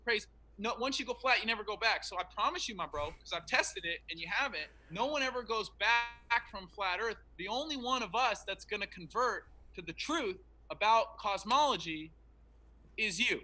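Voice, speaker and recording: Over a remote call in an online debate, a man argues his points in an emphatic, preachy manner. His voice is high, very bright and sharp, animated, at a normal pace, and the recording quality is low.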